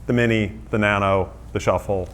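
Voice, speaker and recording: A man's voice: lowish voice, steady tone, normal speed. A middle-aged man hosting a book club interview, steering the talk and reading passages aloud.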